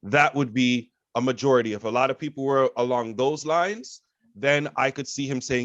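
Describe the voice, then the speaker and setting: A man's voice: medium pitch, moderate pace, a bit bright, no echo, highs cut off. A man co-hosting a podcast, making his point earnestly and repeating phrases for emphasis. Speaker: podcast co-host. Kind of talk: casual podcast chat.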